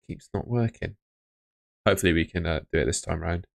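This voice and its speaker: Low gravelly man chatting. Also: quick pace, no echo. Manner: chatty, muttering to himself while tapping through his phone. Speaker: livestream host. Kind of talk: casual live-stream chat.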